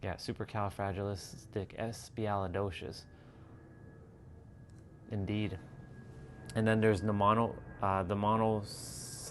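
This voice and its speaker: A man's voice: lowish voice, flat delivery, measured pace, long pauses, a little hiss or hum. A man hosting a livestream, chatting casually in a rambling, profane way and laughing often. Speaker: livestream host. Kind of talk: casual chat.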